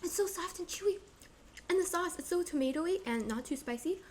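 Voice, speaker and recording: Brief: playful, high-pitched woman streamer chatting while she cooks, with a faint hum behind her. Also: animated, fairly quick, a little mellow. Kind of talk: casual cooking livestream chat.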